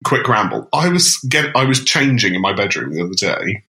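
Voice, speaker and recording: A man's voice: lowish voice, big pitch swings, brisk, pushed and bright. A man co-hosting a podcast, chatting casually and telling stories with laughs and exclamations. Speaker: podcast co-host. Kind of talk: casual chat. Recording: roomy echo.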